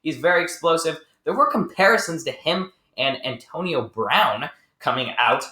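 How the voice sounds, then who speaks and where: A man co-hosting a sports podcast, reading out stats and joking around in an excitable way. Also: on the high side. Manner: excitable, joking, quick to laugh. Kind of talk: casual sports analysis chat. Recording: echoey room.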